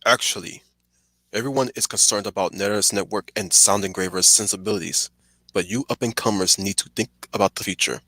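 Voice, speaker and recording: A man voicing a stern male alien warrior officer, speaking gruffly and in a measured way. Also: fairly low pitch, fairly even intonation, sharp tone, no echo, rough recording.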